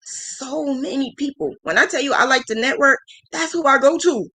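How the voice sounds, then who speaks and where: A woman's voice: high-pitched, moderate pace, pushed and bright. Chatty, frank woman in her thirties. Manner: chatty and rambling, laughing often; frank and self-deprecating. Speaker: livestream host. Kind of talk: casual chat.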